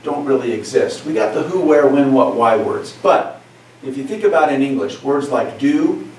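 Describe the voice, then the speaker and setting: A man's voice: mid-range voice, animated, moderate pace, darkish tone. A man teaching a Spanish class in a conversational way, checking in with his students by often asking "right?". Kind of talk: classroom lecture. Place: classroom, recorded for cameras. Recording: echoey classroom from far off.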